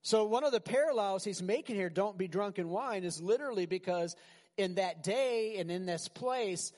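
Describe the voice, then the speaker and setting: Animated high-voiced preacher in a hall. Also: male voice, moderate pace. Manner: animated, conversational preaching with rhetorical questions. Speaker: pastor. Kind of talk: sermon.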